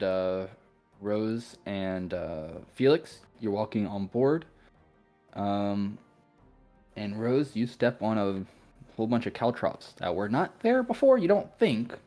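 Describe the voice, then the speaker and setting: A man's voice: fairly low pitch, animated, takes it slowly, pauses often, dark tone, faint music behind. A man narrating as game master of a tabletop role-playing session, easygoing and full of fillers.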